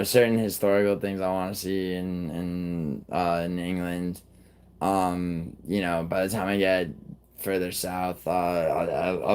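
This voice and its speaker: A man's voice: low-pitched, fairly bright tone, smooth. A man from New York hosting a live stream, ranting casually and profanely at his chat in a rambling, combative way. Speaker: livestream host.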